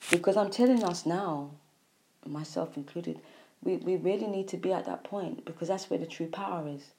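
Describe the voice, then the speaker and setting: A woman with a lowish, mellow voice giving a spiritual monologue. She preaches in repeated phrases, dropping to near-whispers and then pushing out loud emphatic lines. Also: moderate pace, slight background noise. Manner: repetitive, preachy, with sighs and emphatic swings in loudness. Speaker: spiritual speaker.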